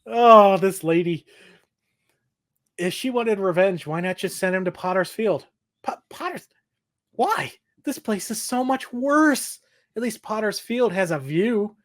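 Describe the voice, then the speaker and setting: A man's voice: high-pitched, lively intonation, measured pace. A man co-hosting a podcast, recapping an episode in casual chat, laughing often and acting out quotes. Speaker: podcast co-host.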